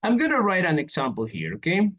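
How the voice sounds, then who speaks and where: A man's voice: high voice, huge pitch swings, fast talker, a bit bright, dull audio. A man teaching an English grammar lesson, reading out examples and checking in with "okay?" after each step. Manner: repeats "okay?" often, walks through examples on a board.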